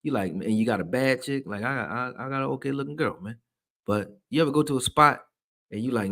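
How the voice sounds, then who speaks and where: Speaking a little fast at a medium pitch, a male live-streamer chats loosely with his audience and reads out their comments. Expect plenty of slang and swearing, with his volume rising whenever he gets worked up.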